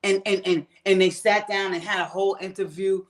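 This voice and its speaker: The host, a woman from the United States, delivers a heated, profane rant to her audience on her own show. She talks a little fast, her mid-range voice holding a steady tone.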